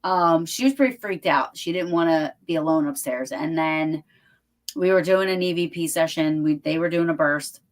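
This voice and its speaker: A woman with a fairly low voice hosts a relaxed interview. She talks in a chatty, rambling way, full of fillers and restarts. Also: moderate pace. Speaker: podcast host. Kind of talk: casual interview chat.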